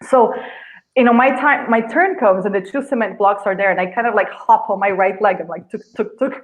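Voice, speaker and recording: A woman, a guest healer, telling an animated story over a video call and acting out sounds and gestures. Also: on the high side, poor audio. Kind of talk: storytelling in a live video chat.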